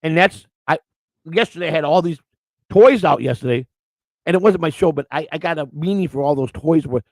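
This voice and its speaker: Gravelly guy hosting his stream, kinda choked up, rambles and repeats himself. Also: fairly high pitch, fairly quick, dry recording. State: emotional, near tears. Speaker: show host. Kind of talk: emotional live-stream chat.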